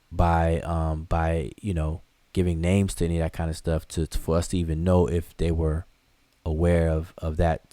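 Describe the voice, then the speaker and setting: A hieroglyphics teacher leads a live online class, his deep, mellow voice captured in a dry recording. He answers viewer questions loosely and conversationally, restarting often and filling gaps with fillers.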